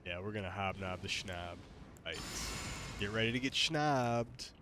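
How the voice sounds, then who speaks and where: A man's voice: on the low side, a little slow. A man streaming a game, chatting casually in a goofy, joking, easygoing way. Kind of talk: casual gaming stream chat. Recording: noticeable background noise.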